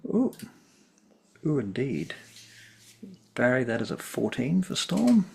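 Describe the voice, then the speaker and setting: Gravelly-voiced man running a game. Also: mid-range voice, very animated, slow, darkish tone. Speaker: game master.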